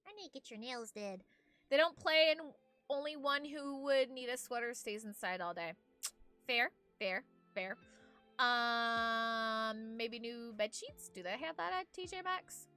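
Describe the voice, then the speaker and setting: Young woman streamer, high bright voice, rambly chatty reading chat, soft music in the back. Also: slow pace, smooth. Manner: chatty, rambling, reads viewer messages aloud. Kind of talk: casual chat with viewers. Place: home. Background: faint background music.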